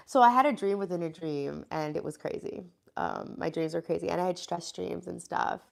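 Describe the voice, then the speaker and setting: Chatty American woman streamer, low and gravelly, stuffed-up from a cold, greets her chat by name. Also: normal speed. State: congested, sniffling. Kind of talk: casual live-stream chat.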